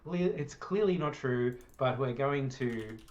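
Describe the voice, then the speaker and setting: A man's voice: mid-range voice, expressive, unhurried, a little mellow. A young Australian man co-hosting a casual film review show, rambling and laughing at his own jokes. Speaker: podcast co-host.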